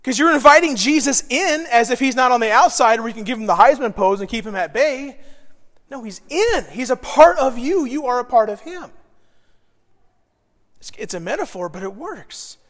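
A man's voice: very high-pitched, animated, normal speed, fairly bright tone. A man preaching a sermon as pastor, in a conversational style. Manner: conversational, acts out quoted voices. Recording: long reverb of a large hall.

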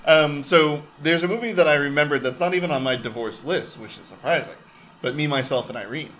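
A man's voice: fairly high pitch, fairly quick, a bit bright, slight background noise. A man co-hosting a casual movie podcast, retelling scenes with fillers and laughter. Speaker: podcast co-host.

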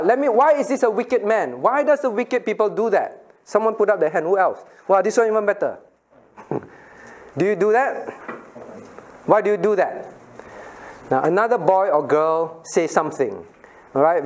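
High-voiced pastor teaching children. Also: male voice, a little hiss or hum. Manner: playful, asks the children questions. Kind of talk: children's Bible lesson. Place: church room with children.

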